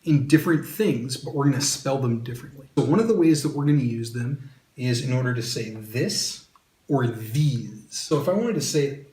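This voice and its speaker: Man, language teacher, mid-pitched voice, upbeat, playful asides, echoey room. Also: lively intonation, normal speed, a little mellow. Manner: upbeat, joking asides to the viewer. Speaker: Spanish teacher. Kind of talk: video lesson. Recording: roomy echo.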